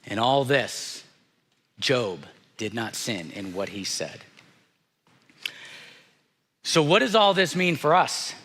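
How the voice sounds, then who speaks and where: Pastor, male, unhurried reflective sermon delivery, crisp bright tone, echoing sanctuary. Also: medium pitch, big pitch swings. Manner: slow, earnest and reflective, dropping softly on hard moments. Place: church sanctuary. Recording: church sanctuary with long reverb.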